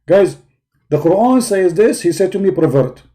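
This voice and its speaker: A man's voice: high-pitched, lively intonation, moderate pace, warm tone. A man hosting a call-in show, talking with a sarcastic, teasing manner and breaking into mocking sing-song.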